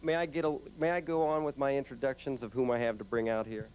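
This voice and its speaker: A man's voice: mid-range voice, little pitch movement, quick pace, darkish tone, clean tone, rough recording. A man hosting a televised wrestling interview segment, polite and formal, a little flustered by interruptions. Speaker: wrestling show host and interviewer.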